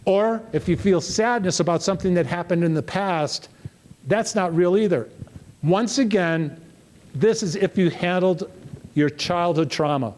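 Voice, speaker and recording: A middle-aged man delivering a motivational talk on stage, animated and story-driven. His voice sits a little higher than most men's, and he slips into quoted dialogue as he tells his stories. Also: a little slow. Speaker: motivational speaker.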